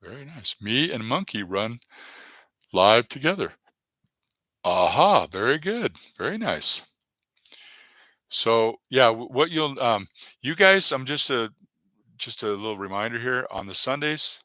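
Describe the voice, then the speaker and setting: A man's voice: mid-range voice, big pitch swings, measured pace, pushed and bright, no echo. Man chatting loosely on a livestream. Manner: rambling, encouraging, reads chat aloud. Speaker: YouTube livestreamer. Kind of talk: casual livestream chat.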